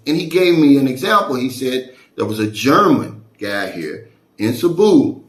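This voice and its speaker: A man tells a story in a relaxed vlog style, chatty and animated, voice at a middle pitch for a man. The sound is roomy and echoey around him. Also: normal speed. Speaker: vlogger.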